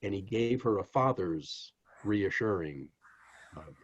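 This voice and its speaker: Male author guest, lively swooping delivery, emphatic storyteller, dull lo-fi sound. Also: sits low, takes it slowly. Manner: animated, emphatic storyteller who addresses the host directly. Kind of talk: interview storytelling.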